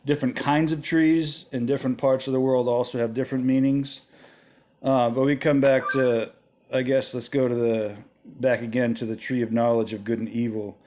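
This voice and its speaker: A man's voice: mid-range voice, flat delivery, moderate pace, darkish tone. Tired man musing, slight lisp. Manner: rambling, restarts often, tags lines with "right?". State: tired, late at night. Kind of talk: casual spoken teaching on symbolism.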